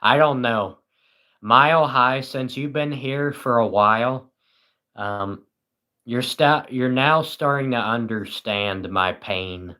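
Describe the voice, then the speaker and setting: A man's voice: mid-range voice, takes it slowly, bright, forceful tone. A tired British man hosting a livestream, chatting casually and reading viewers' comments with dry, self-mocking sarcasm. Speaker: livestream host.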